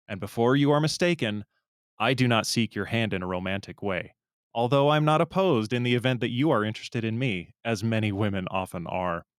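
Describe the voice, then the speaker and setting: A man reading the part of a pompous, self-important male Discord regular, delivering it earnestly with slowed, drawn-out endings. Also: fairly low pitch, no echo, clean studio sound, close to an everyday voice.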